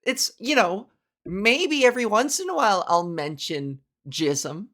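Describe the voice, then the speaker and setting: A woman's voice: medium pitch, big pitch swings, measured pace, a bit bright. A woman comedian hosting her own podcast, talking in a playful, rambling monologue full of crude jokes.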